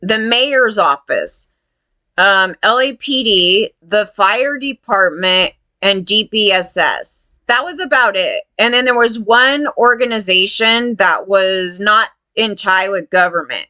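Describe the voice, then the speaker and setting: A woman's voice: mid-range voice, expressive, takes it slowly, pushed and bright, no echo. A woman angrily recounting how she was turned away after the fires, swearing often and acting out what officials told her. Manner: profane, heated, acts out others' lines. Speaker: fire survivor telling her story. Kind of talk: angry personal rant.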